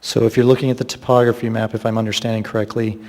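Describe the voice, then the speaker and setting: A man's voice: on the low side, flat delivery, racing, darkish tone, long reverb tail. A man on municipal staff explaining a site plan at a public meeting, hedging with fillers.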